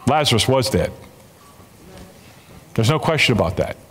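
A man preaching a sermon as pastor, with lively, emphatic delivery and frequent restarts. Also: mid-range voice, moderate pace. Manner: animated preaching with repeated restarts. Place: church sanctuary. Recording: long church reverb.

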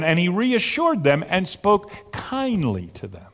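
A man preaching a sermon, moving between loud emphatic peaks and soft near-whispers. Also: a little high, sing-song, moderate pace, hardly any pauses, in a large hall. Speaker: pastor.

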